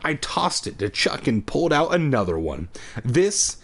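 A man's voice: medium pitch, big pitch swings, normal speed, a bit bright. A man hosting a podcast, reading a spooky children's book aloud with irreverent, profane comic asides.

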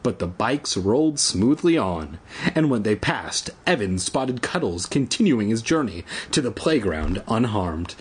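Husky man, lively up-and-down delivery, comedic read-aloud, stumbles and jokes. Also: on the low side, measured pace. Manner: stumbling, with crude asides. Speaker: reader. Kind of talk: comedic reading of a children's book.

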